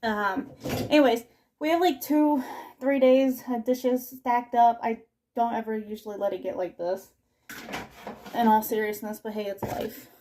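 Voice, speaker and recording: A woman's voice: fairly high pitch, fairly even intonation, a little slow, warm tone. A young woman chatting casually while doing chores, rambling and breathless, recorded in her kitchen. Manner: rambling, self-interrupting, scatterbrained. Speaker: vlogger. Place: home kitchen, indoors.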